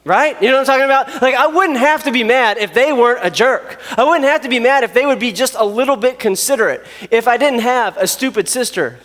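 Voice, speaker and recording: A male pastor gives a relaxed, joking sermon, filled with fillers and rambling asides. His voice sits high for a man. The sound carries the long reverb of a large hall. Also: fairly quick, hardly any pauses. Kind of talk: casual youth sermon.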